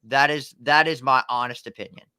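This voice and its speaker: A man's voice: mid-range voice, steady tone, fairly quick, pushed and bright, smooth, dry recording, studio quality. A man appearing as a guest sports content creator on a video call, cocky and brutally frank in casual chat. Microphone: webcam on a video call.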